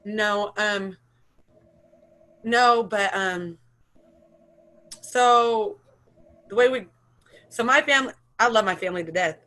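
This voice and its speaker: A woman's voice: medium pitch, slow pace, pauses often, bright, forceful tone. Rambling, emotional American woman. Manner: rambling, restarts often, emotional, nervous laughs. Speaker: interviewee. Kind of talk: emotional personal account.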